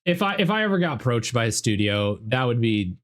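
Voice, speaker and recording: A young Canadian man with a Canadian accent chatting excitedly while streaming a game. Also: medium pitch, a little fast. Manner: excitable, animated. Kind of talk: casual gameplay commentary.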